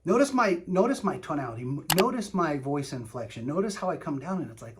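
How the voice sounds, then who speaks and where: A man's voice: a little high, sing-song, fast, few pauses. A man coaching on sales calls, speaking emphatically and often checking in with "right?". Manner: emphatic, keeps asking "right?". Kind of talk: coaching talk with role-play demos.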